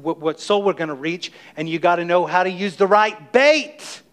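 A middle-aged man preaching a sermon as pastor of his church, emphatic and energetic, calling on the congregation to respond. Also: high-pitched, moderate pace. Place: church sanctuary.

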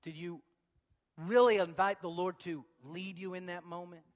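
A man preaching a sermon as pastor of a church, moving from quiet talk to shouted passages. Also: high-pitched, fairly even intonation, moderate pace, in a large hall.

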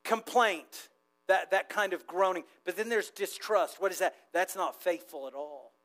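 A male pastor preaching a sermon, moving between hushed asides and loud emphatic build-ups. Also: sits high, normal speed, low-quality recording.

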